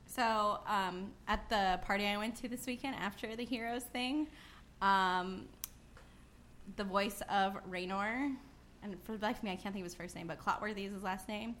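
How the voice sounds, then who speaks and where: A woman co-hosting a casual chat show, bubbly and quick to laugh, acting out what people said. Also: medium pitch, a bit bright, slight background noise. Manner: bubbly, laughs often, acts out quotes. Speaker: podcast co-host.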